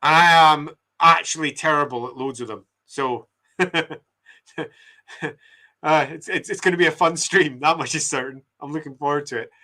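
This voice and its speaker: A man's voice: a little high, moderate pace, bright, forceful tone. A Scottish man chatting casually as he maps a game city, reading viewer comments and joking about how bad he is at accents. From Scotland. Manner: chatty and self-deprecating, laughs often. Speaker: game writer and streamer.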